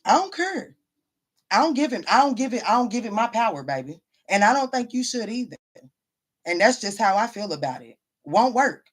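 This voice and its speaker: A woman's voice: fairly high pitch, sing-song, a little fast, slightly rough. A woman tarot reader chatting casually to viewers on a live stream, blunt and profane, calling them baby and honey and repeating her points for emphasis. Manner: emphatic, repeats lines for stress.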